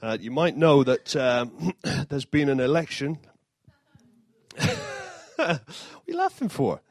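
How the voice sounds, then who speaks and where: A man's voice: medium pitch, no room sound. Chatty, joking man preaching. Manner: jokey asides, chatty, self-deprecating. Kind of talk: informal sermon.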